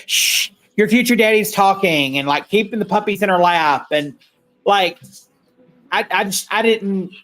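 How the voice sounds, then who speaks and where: A male podcast co-host rambles through a casual chat, blunt and swearing freely. His voice sits high and sounds a bit bright.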